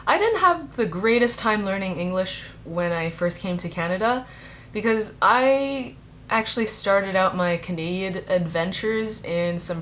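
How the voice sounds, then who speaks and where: A young adult woman, a native Chinese speaker, tells rambling, chatty stories in a casual vlog, full of fillers and leaning heavily on "like." Her voice is lowish and a bit bright, with slight background noise.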